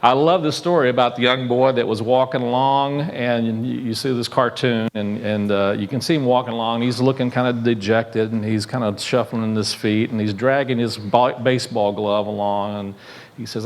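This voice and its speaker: A man's voice: medium pitch, steady tone, moderate pace. Man preaching a conversational sermon. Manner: conversational, asks the congregation questions. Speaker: minister. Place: church sanctuary.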